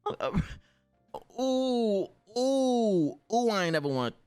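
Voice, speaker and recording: Animated young man with slangy storytelling. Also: slow pace, clear, resonant tone, faint music behind. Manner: animated, swears freely, slangy, acts out quotes with big pitch jumps. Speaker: streamer. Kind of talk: casual storytelling to stream chat.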